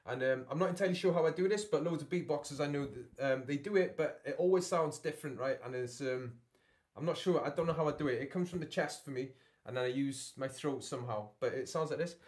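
A man's voice: fairly high pitch, quick pace, darkish tone. A man teaching a beatbox workshop from his home studio. He keeps checking in with his learners with "yeah?" and "okay?". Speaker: beatbox tutor.

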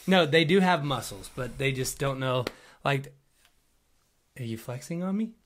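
A man's voice: mid-range voice, animated, measured pace, a bit bright, a little hiss or hum. Joking man co-hosting a faith podcast. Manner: joking, laughs often. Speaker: podcast co-host. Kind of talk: casual faith chat.

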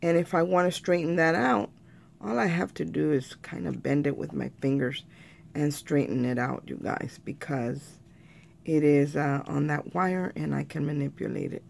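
A woman explains a craft project step by step in a relaxed, chatty way, often turning to her viewers as "you guys". Her voice sits a little low and carries a gravelly fry. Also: normal speed, a little hiss or hum. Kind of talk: casual craft tutorial.

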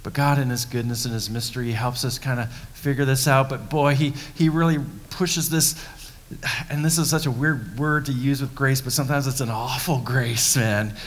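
A man's voice: mid-range voice, steady tone, normal speed. A male pastor preaching a sermon in a conversational, emphatic way. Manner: conversational, emphatic, acting out scenes. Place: church sanctuary. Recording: long reverb of a church hall.

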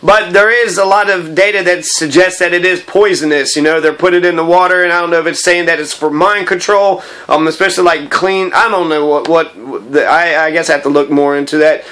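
A man's voice: fairly high pitch, steady tone, fairly quick, few pauses, fairly bright tone, smooth. A man giving casual, rambling commentary on political pictures in a blunt, opinionated way with crude language.

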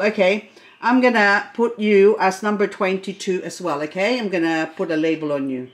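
A middle-aged woman chatting casually as she unboxes plants, gushing and excitable, talking to each plant as she goes. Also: medium pitch. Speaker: succulent vlogger.

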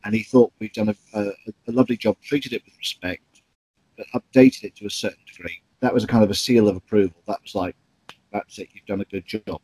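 A man's voice: lowish voice, fast, warm tone, dry recording, low-quality recording. A man, a stage actor recalling stories in an interview, chatty with many ums and restarts. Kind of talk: interview anecdotes.

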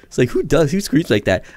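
A man giving let's-play commentary on a horror game, with joking, deadpan sarcastic asides. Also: on the high side, very noisy. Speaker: gaming video creator.

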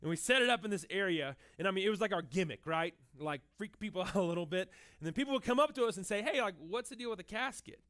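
A young man preaches a sermon in a high, light voice. He tells a personal story in a relaxed way, with plenty of "like" and restarts. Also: fast talker, few pauses. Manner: storytelling, with frequent fillers and restarts. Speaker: pastor.

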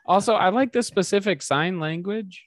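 A man's voice: high voice, normal speed, no room sound, studio quality. A man co-hosting a casual film podcast, joking in a playful, mock-serious way. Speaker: podcast co-host. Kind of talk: casual movie-review banter.

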